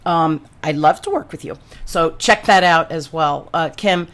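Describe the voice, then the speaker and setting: A woman hosting a podcast, chatting casually and telling stories in an animated, exclamatory way. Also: low voice, unhurried. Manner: animated storyteller, exclamatory, slangy. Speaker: podcast host. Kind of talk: casual chat.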